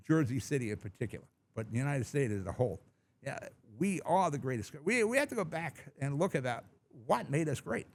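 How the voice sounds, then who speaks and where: Blunt, rambling middle-aged radio host. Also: male voice, mid-range voice, a little mellow. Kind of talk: talk radio monologue. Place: large studio.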